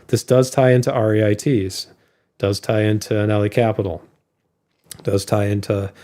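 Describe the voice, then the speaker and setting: A man with a dark, mellow voice talks loosely as a podcast co-host. He rambles through his points, with frequent "uh"s and restarts. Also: fairly low pitch, level tone, moderate pace. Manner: rambling explanations with fillers and laughs. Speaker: co-host of an investing show. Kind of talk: casual podcast chat.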